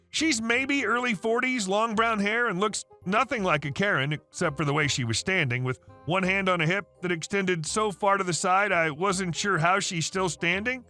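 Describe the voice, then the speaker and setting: A man narrating a workplace story from a written online post in a lively, expressive way. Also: high voice. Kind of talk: scripted narration of a reddit story.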